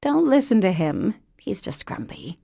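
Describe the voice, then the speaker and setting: A woman voicing a kind, gently reassuring young woman in an audiobook. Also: medium pitch, huge pitch swings, unhurried, vocal fry, husky, dry recording, studio quality, voice pushed up, exaggerated voice. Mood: friendly.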